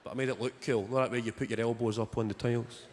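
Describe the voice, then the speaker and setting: Young Scottish male stand-up, deadpan and sweary, live theatre reverb, loud crowd noise. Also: medium pitch, quick pace. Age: young adult. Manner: deadpan storytelling, swears casually. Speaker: stand-up comedian. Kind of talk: stand-up comedy set. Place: large theatre stage.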